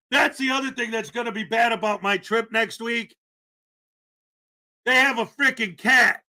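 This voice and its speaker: A man's voice: high-pitched, pushed and bright. A middle-aged man hosting a live commentary stream, rambling and sarcastic, often laughing. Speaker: host.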